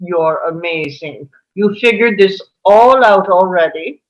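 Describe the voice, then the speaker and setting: Male actor reads a slow, sardonic villain boss on muffled audio. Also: high voice. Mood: mocking. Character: cold, mocking male terrorist leader. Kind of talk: table read.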